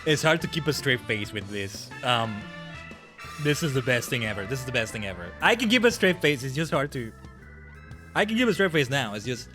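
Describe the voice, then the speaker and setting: Excitable male game streamer. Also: medium pitch, brisk, faint music behind. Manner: excitable, gushing, stumbling restarts. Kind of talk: casual live gameplay reactions.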